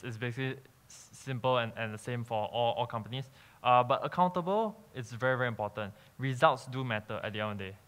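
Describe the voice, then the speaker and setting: A man's voice: medium pitch, a bit bright, clean tone. A young man, an entrepreneur giving a conference talk and explaining step by step, checking in with "okay?" and "um" as he goes. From Malaysia. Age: young adult. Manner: peppers sentences with "okay?" and "um", explanatory.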